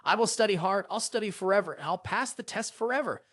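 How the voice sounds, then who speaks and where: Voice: medium pitch, expressive, fast, fairly bright tone, no echo, studio quality. A narrator voicing a dramatic, lovestruck young male student gushing over his teacher. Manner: gushing and theatrical.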